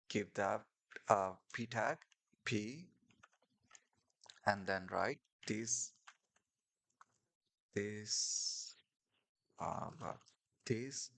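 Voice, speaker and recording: A man's voice: on the low side, takes it slowly, vocal fry, long pauses, a bit bright. A man teaching a screen-share coding lesson, explaining step by step with fillers and restarts over keyboard clicks. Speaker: coding tutorial instructor.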